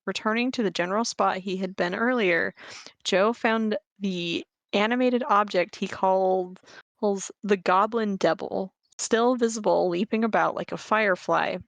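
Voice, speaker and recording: A woman's voice: mid-range voice, moderate pace, creaky, no room sound. A woman reading a historical ghost story aloud as a guest storyteller, stumbling and correcting herself as she goes. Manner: reads with stumbles and self-corrections.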